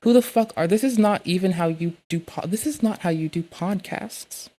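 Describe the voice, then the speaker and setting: A woman streaming live, chatting casually with heavy swearing and bursting into loud, excitable rants. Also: lowish voice, moderate pace.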